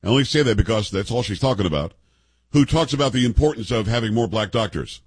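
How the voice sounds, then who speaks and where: A man in his fifties delivers a sarcastic, combative opinion monologue. His voice is husky and the sound is dry and close, with no room around it. He keeps pressing with rhetorical questions. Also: lowish voice, animated, quick pace, dry recording. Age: 50s. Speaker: political commentary host. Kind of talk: opinion monologue reacting to clips.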